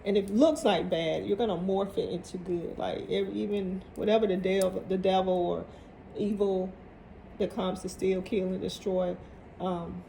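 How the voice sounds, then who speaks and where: A woman's voice: mid-range voice, fairly even intonation, measured pace, gravelly, warm tone, slight background noise. A woman giving a casual tarot reading to viewers, emphatic and motivational, often repeating her phrases. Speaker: tarot reader.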